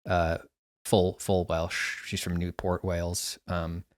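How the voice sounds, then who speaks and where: A man's voice: sits low, monotone, slow pace, no room sound, clean studio sound. A man chatting casually on a podcast, rambling with lots of restarts and fillers. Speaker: podcast producer and guest. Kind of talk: casual chat.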